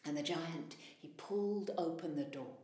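A woman storyteller telling a folktale aloud in an animated way, swelling in loudness at the dramatic moments. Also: deep voice, normal speed. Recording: echoey room.

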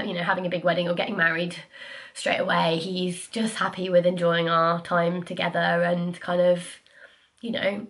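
A woman's voice: mid-range voice, a bit bright. Chatty young woman vlogging. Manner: chatty, self-deprecating, many fillers. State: sniffly. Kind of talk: casual storytelling to camera.

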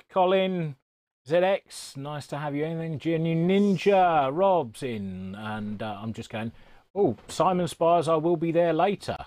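A man's voice: a little high, darkish tone, dry recording, clean studio sound. A man chatting casually as a guest presenter on a live stream from a radio repair workshop, full of teasing, joking banter.

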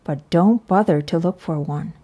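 Calm, loving mother from a picture book, voiced by a woman; gentle, measured, warm-toned. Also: lowish voice, lo-fi sound, voice pushed down, natural voice. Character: calm, fond mother who loves monster stories.

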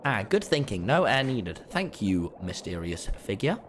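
A man chatting to his chat while he plays a game, bouncing from mock outrage to dry, ironic banter. His voice leaps around, lively and expressive, and he swears freely. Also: fairly low pitch, a little slow, slight background noise. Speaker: streamer. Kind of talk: casual gaming livestream.

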